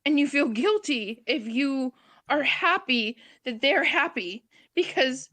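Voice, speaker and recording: A distraught woman pleads over and over in a raw, urgent way, a mother begging to be understood. Her voice sits high, recorded close and dry with no room sound. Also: expressive, slow pace, pushed and bright, no echo. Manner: pleading, raw, repeating herself. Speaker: mother of a missing child. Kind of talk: emotional plea on a livestream call.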